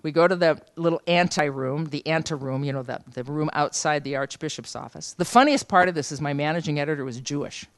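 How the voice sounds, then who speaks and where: A woman leading a journalism seminar, telling a lively anecdote and acting out the voices of the people in it. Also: deep voice, brisk, few pauses, dry recording. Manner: lively anecdotal, acts out quoted dialogue. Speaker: journalism trainer. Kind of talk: storytelling seminar talk. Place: seminar room.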